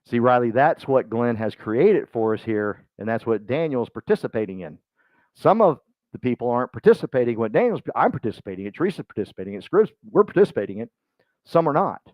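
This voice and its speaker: A man speaking to a live group at a business meeting, joking and acting out quick voices as he goes. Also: mid-range voice, very animated, no room sound, dull audio. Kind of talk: motivational talk to a live group.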